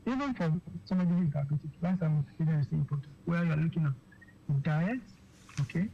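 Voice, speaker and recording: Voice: mid-range voice, quick pace, creaky, slightly rough. Hesitant physician guest on lo-fi radio. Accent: Nigerian English. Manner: hesitant, repeats words, many fillers and okays. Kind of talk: radio health interview. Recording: dull lo-fi radio sound with faint noise.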